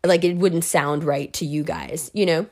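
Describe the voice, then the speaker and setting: A woman getting over the flu, talking to her viewers about astrology in a blunt, profane, animated ramble. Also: low voice, moderate pace. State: recovering from flu, voice a bit off. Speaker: astrology content creator. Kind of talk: casual rambling monologue to viewers.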